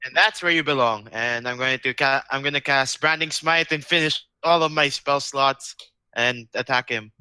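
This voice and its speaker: A man's voice: mid-range voice, normal speed, pushed and bright, clear, resonant tone, no echo, poor audio. A man playing a tabletop game, talking casually and a bit unsure of himself. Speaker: player. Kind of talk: tabletop role-play.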